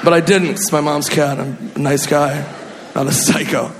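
A male stand-up comedian from Minnesota, telling a story in an animated, exaggerated way with sudden shouts. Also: on the high side, moderate pace. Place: comedy club stage. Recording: echoey club, audience laughter and noise.

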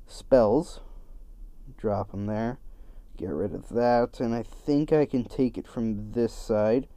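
A man's voice: medium pitch, mellow, clean tone, no echo. A young man hosting a casual solo podcast, rambling and correcting himself as he goes. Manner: rambling, distracted, self-correcting. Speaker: podcast host.

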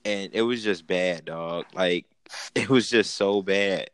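Chill guy with a lowish voice, slangy podcast chat, dry sound. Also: slow pace, clear, resonant tone, no echo. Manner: slangy, laid-back, laughs often. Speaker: podcast co-host. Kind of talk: casual chat.

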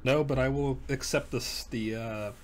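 A man's voice: mid-range voice, fairly even intonation, a little slow, slight background noise. Man, tabletop player, mock-boastful, casual, faint keyboard clicks. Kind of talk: casual tabletop game chat.

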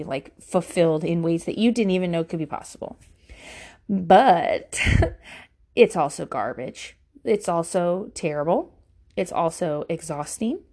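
A woman's voice: fairly low pitch, mellow. A woman in her thirties hosting a podcast, ranting casually with lots of swearing and sarcasm. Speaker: podcast host. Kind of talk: casual monologue.

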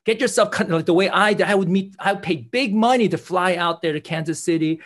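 An earnest man, a guest in an interview, tells a personal story. He often breaks off and starts his sentences again. His voice sits a little high. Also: brisk, hardly any pauses. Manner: earnest, with many restarts.

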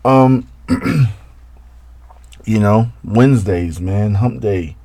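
A man's voice: lowish voice, very slow, warm tone, no echo. A man hosting a casual solo podcast, rambling and swearing as he talks straight to his listeners. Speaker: podcast host.

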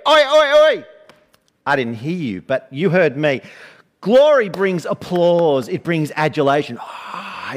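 A man with an Australian accent preaching a sermon in a lively, rhetorical way, playing with his congregation. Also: medium pitch.

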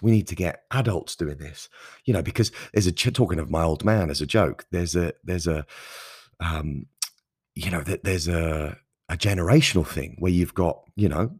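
Thirtysomething guy doing a solo podcast, super low voice, kinda husky, earnest and chatty. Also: dry recording, clean studio sound. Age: 30s. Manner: earnest, enthusiastic and conversational. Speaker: podcast host.

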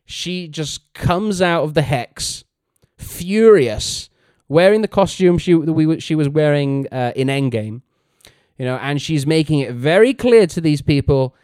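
A man's voice: fairly high pitch, lively intonation, unhurried, a little mellow, clean tone, no echo, studio quality. A man co-hosting a casual podcast, recapping a TV episode and acting out characters' lines with animation. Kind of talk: casual chat.

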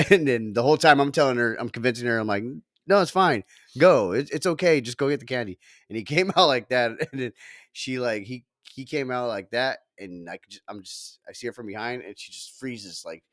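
A man's voice: mid-range voice, a little fast, a bit bright, no room sound, clean studio sound. A middle-aged man chatting casually on a podcast, laughing often and swearing as he tells a story. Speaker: podcast co-host. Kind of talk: casual chat.

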